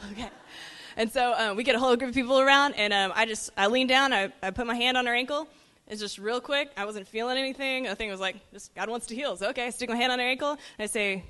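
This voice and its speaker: A woman from a ministry team telling a lively testimony story, animated and laughing as she goes. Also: a little high, fast. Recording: reverberant hall.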